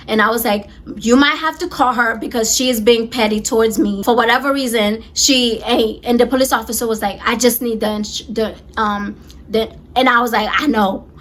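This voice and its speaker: A woman in her twenties telling a storytime vlog, emphatic and animated, on the verge of tears. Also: a little high, a little hiss or hum. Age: 20s. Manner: animated, emphatic retelling with many repeats. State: close to tears. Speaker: vlogger.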